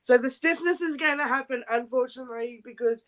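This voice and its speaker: A woman's voice: high voice, fairly quick, fairly bright tone. A woman who is a guest on a livestream, talking in blunt, emphatic, profane casual chat. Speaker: stream guest.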